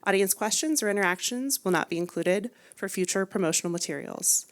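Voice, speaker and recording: A woman reading a prepared welcome announcement at a live event in an even, steady way. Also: medium pitch, a little fast. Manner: reads prepared remarks evenly. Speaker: event host. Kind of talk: scripted announcement.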